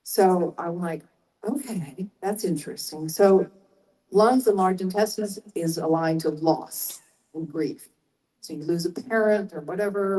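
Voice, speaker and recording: A woman's voice: sits low, mellow, poor audio. An older woman speaking as a guest on a convention panel, explaining things in a chatty way and turning to the audience with asides. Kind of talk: live panel storytelling.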